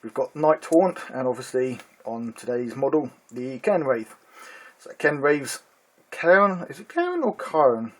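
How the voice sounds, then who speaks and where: A man at an ordinary mid-range pitch hosts his own miniatures hobby channel and walks through a magazine issue. His delivery is relaxed and conversational, full of ums and uhs. When he reads a passage aloud, his tone flattens a little. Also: normal speed. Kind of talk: casual product review.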